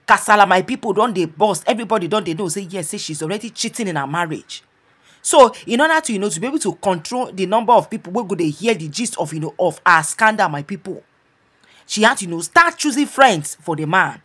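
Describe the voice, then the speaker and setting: A woman with a Nigerian Pidgin accent telling celebrity gossip to her viewers in a lively, chatty storytelling way, often calling out to "my people". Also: on the low side, a little fast, slightly rough. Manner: animated storytelling, repeats "my people". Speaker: gossip blogger. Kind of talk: casual gossip commentary.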